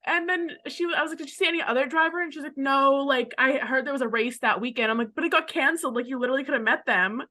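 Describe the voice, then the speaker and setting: A young woman from Canada co-hosts a chatty podcast, wandering off topic and filling every gap with "like". Her voice is bright and a little high. She talks in a loose, casual way. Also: fast talker, few pauses. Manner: rambling, chatty, heavy use of "like". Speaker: podcast co-host. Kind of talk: casual chat.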